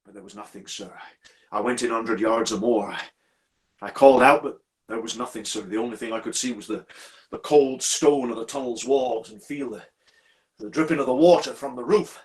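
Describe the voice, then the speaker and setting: A haunted railway signalman speaks haltingly and earnestly, always deferring to his listener as sir, as a man puts him on in a live storytelling. His voice stays in an ordinary middle register. It is a grave, uneasy telling of a ghostly tale. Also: mid-range voice, natural voice. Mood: urgent, haunted.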